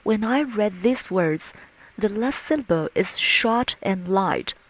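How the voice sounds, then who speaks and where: A woman teacher speaks at a very slow, unhurried pace. Her delivery is patient and deliberate, each word placed clearly, as if modelling pronunciation for beginners. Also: mid-range voice, lively intonation, rough recording. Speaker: Chinese language teacher.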